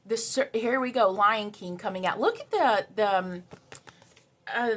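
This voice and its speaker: A woman's voice: medium pitch, unhurried, a bit bright. A woman doing a spiritual tarot card reading for her viewers, earnest and emotional, repeating key words for emphasis. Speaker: tarot reader.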